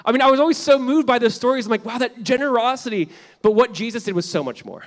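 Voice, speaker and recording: This pastor's sermon comes in a fairly high male voice at a fast pace, casual and full of fillers and asides. He swings between loud emphasis and hushed lines, keeping it animated and conversational the whole way.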